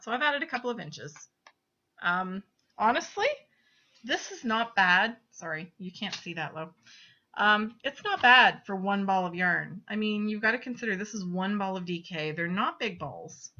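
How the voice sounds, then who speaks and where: A woman's voice: mid-range voice, sharp tone. A woman hosting a casual knitting show-and-tell, chatty and giggly, often apologizing, filmed in a small cramped spot at home. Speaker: podcast host. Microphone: webcam. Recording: dull lo-fi webcam audio.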